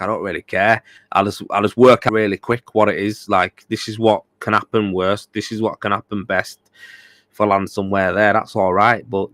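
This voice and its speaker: A tired man chatting loosely on a livestream podcast, rambling and swearing as he goes. His voice sits fairly low, and the sound is close and dry, with no room around it. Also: fairly bright tone, dry recording. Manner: blunt, swears freely, rambling with repeated fillers. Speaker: podcast host. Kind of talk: casual livestream chat.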